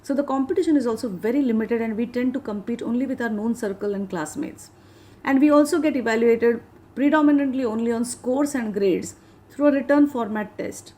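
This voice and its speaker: A woman, an HR head, giving an earnest, measured motivational lecture to students. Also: a little high, mellow. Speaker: HR head, guest speaker.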